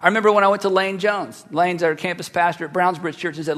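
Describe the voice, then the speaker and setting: A male pastor preaching a sermon, acting out the Bible dialogue and swinging from hushed asides to loud, animated bursts. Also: high voice, quick pace, hardly any pauses, long reverb tail.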